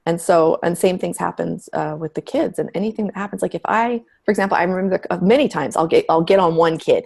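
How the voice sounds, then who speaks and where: Low husky gravelly woman, candid. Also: fast, hardly any pauses, darkish tone. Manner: candid, storytelling, emphatic with frank language. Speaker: guest. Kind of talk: conversational interview.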